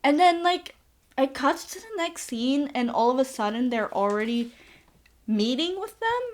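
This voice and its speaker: A woman's voice: high-pitched, lively intonation, normal speed. A young woman casually recapping a movie plot in a chatty, sarcastic way, filling her talk with "like". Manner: sarcastic, chatty, says like a lot. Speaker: podcast host.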